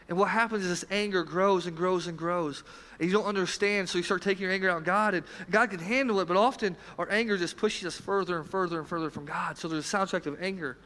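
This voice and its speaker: A man preaching a sermon as pastor, earnest, swinging between loud emphasis and quiet, low passages. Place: church sanctuary. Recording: church hall with long reverb.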